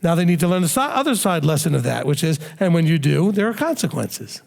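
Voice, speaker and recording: A man teaching a sermon-style question and answer session, calm and explanatory, sometimes acting out what a parent would say. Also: a little high, quick pace, creaky, big-room sound. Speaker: rabbi teaching a Q&A.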